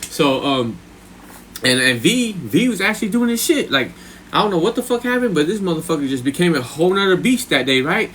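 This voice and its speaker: A man's voice: a little high, sing-song, brisk, fairly bright tone, slight background noise. A man streaming live, rambling and swearing as he tells a story in casual chat. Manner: profane, rambling, with frequent "right?" and "you know what I'm saying". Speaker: livestreamer.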